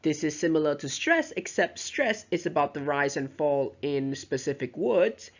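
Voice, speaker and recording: A woman's voice: low-pitched, lively intonation, moderate pace. A woman giving a recorded lecture on teaching pronunciation, explaining step by step and often checking in with "right?" and "you know". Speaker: teacher trainer. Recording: dull lo-fi recording.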